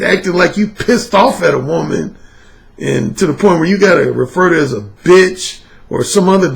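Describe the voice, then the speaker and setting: A man speaking in a high, gravelly voice that swings widely as he lectures. He is emphatic and profane, repeating himself to drive each point home. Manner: emphatic, profane, repetitive, preachy. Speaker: dating coach and author. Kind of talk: casual monologue vlog.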